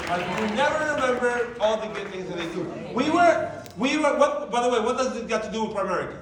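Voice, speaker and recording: A man's voice: high voice, brisk, a crowd in the background, noisy background. A man giving a motivational talk to a group, telling stories and acting out the dialogue. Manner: animated, acts out quoted dialogue. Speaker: motivational speaker. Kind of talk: storytelling presentation. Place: large meeting room. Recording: echoey hall, distant mic.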